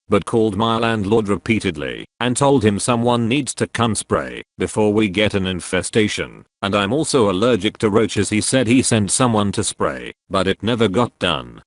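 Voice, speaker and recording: Low-voiced man reading stories aloud. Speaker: narrator. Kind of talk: scripted narration of online stories.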